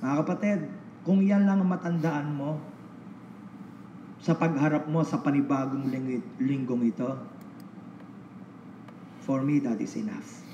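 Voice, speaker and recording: Filipino pastor preaching, echoey muffled sound. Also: male voice, on the high side, fairly even intonation, measured pace, long pauses, mellow, slight background noise. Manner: mixes Tagalog and English, builds to emphatic repeated cries. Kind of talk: sermon. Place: church.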